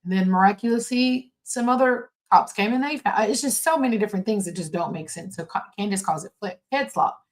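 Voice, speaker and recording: A woman hosting a casual commentary podcast from home, talking in a halting way with many fillers and restarts. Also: mid-range voice. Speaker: podcast host.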